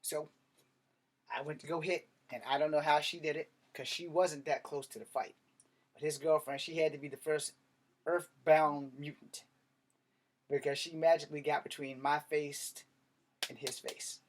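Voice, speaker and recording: A man telling a personal story in a blunt, profane, animated way. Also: a little high, moderate pace. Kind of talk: casual storytelling monologue.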